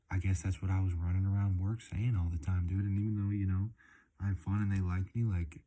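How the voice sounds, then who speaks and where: Young male vlogger, low mellow monotone, laid-back, profane, casual chat. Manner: laid-back, swears a lot, says "man" and "dude" often. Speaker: delivery driver vlogger. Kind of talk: casual rambling vlog.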